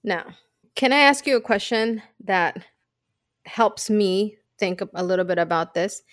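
A woman's voice: mid-range voice, expressive, a little slow, no echo, clean studio sound. A woman co-hosting a podcast in casual chat, reflective and candid, telling personal stories. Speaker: podcast co-host.

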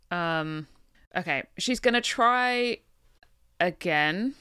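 A woman's voice: mid-range voice, lively intonation, unhurried, a bit bright, smooth, dry recording, studio quality. A woman playing in a tabletop game, chatty, swearing when rolls go badly. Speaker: player. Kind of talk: casual tabletop play.

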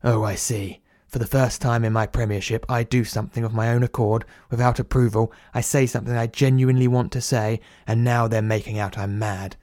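A man's voice: medium pitch, flat delivery, a little fast, few pauses, darkish tone, dry recording, clean studio sound, natural voice. A man playing an agitated, defiant prime minister in an audio drama, indignant and insistent.

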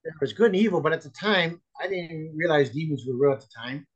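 A man's voice: fairly high pitch, expressive, fairly quick, slightly rough, muffled recording. A man tells his personal testimony over a remote call in an earnest, rambling way. He circles back and restarts his sentences often, using plenty of fillers. His voice sits a little above the usual for a man. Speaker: guest, chaplain and author.

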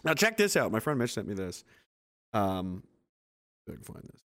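A man's voice: fairly low pitch, big pitch swings, moderate pace, fairly bright tone. A man giving a casual, sarcastic running commentary on footage, incredulous and swearing often.

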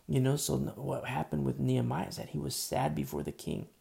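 A man delivers a chatty sermon in a rough, gravelly voice with a dark, mellow tone. He talks loosely, with plenty of fillers, and acts out the figures he quotes. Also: mid-range voice, sing-song, brisk. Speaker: pastor. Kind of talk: casual sermon.

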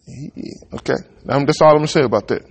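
A man's voice: mid-range voice, fast talker, creaky, husky, long reverb tail. A man preaching a sermon, reading scripture aloud and breaking off into casual, folksy asides to the congregation. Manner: conversational, reads verses then riffs in folksy Southern-style talk.

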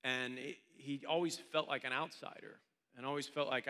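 Guy preaching, chatty storytelling sermon, bright forceful voice, long echo off the church room. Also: medium pitch, fairly even intonation, normal speed, clean tone. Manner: conversational storytelling, informal. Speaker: pastor.

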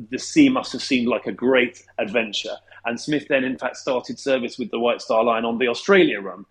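A male historian, a guest on the show, giving long, measured, anecdotal answers and pausing with ums as he thinks. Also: medium pitch, poor audio. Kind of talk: explanatory interview answers.

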